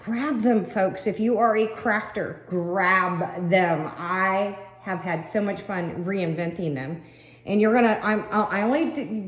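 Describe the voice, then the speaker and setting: An older woman crafter vlogging in a rambling, casual way, chatty and quick to laugh, with fillers between thoughts. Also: medium pitch. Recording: roomy echo.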